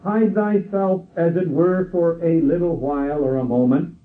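An older man preaching a sermon in a slow, measured way, quoting scripture. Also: on the high side. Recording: tinny phone-like sound from far off.

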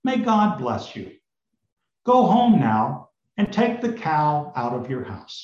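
A preacher voicing a calm, kindly old rabbi. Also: male voice, fairly high pitch, slow pace. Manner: calm, gentle. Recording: roomy, slightly dull recording.

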